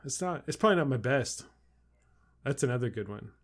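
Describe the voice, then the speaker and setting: A man's voice: medium pitch, expressive, brisk. A man co-hosting a podcast, laid-back and casual, swearing and laughing often. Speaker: podcast co-host. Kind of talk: casual chat.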